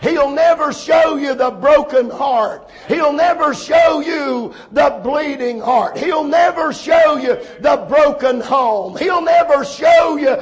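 A male pastor praying and then preaching a sermon, slow and deliberate, repeating phrases and rising to shouted emphasis. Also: very high-pitched, dull audio. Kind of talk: sermon with opening prayer.

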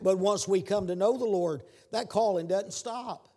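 A man preaching a sermon, repeating his words and building to shouted calls. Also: high voice, normal speed.

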